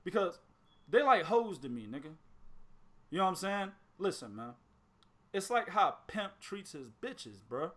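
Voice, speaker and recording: A man hosting a boxing podcast, chatting casually, animated and profane, laughing often. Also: high-pitched, moderate pace, pauses often. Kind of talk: casual chat.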